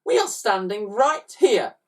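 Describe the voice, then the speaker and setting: A man's voice: high voice, very animated, measured pace, fairly bright tone, voice pushed up, full character voice. A man voicing a pompous middle-aged toyshop owner who shrieks indignantly, recorded on a slightly distant mic.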